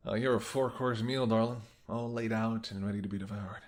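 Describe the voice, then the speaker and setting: A smug, flirtatious vampire purrs in a low, soft murmur, teasing his captive in a whispered role-play, as a man acts him out. His lines slip between hushed seductive talk and breathy whispers. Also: steady tone, a little fast, lightly acted. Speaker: voice actor.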